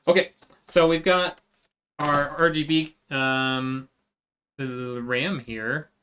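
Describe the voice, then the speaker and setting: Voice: medium pitch, fairly even intonation, very slow, fairly bright tone, a little hiss or hum. A live streamer chatting casually with viewers while working, answering chat as they go.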